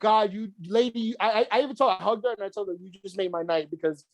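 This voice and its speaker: Animated swearing man telling stories. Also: high-pitched, very fast, no echo. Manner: animated storyteller, swears freely. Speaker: podcast co-host. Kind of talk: casual chat.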